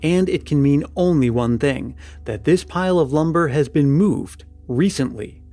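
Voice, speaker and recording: A man reading the lines of a curious, commanding police lieutenant in a storybook, brisk and decisive. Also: on the high side, expressive, warm tone, dry recording, soft background music.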